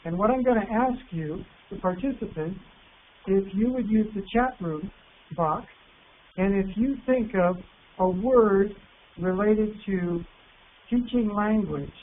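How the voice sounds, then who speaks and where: Man teaching on a tinny line. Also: high voice. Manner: patient, encouraging, reads words aloud slowly. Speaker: workshop presenter. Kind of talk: online workshop teaching. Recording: tinny phone-like line with faint hiss.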